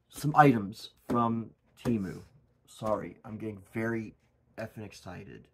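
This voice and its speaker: A man hosting his own channel in a goofy, erratic comedic monologue, swinging from loud outbursts to mumbled asides. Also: on the low side, measured pace, slightly rough. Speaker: channel host.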